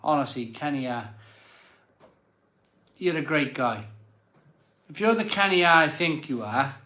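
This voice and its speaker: Slightly drunk man, bright voice. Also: on the high side, animated, a little slow, roomy sound. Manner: rambling and self-doubting, many fillers and restarts. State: a bit drunk. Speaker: host of a live beer show. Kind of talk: casual live-stream chat.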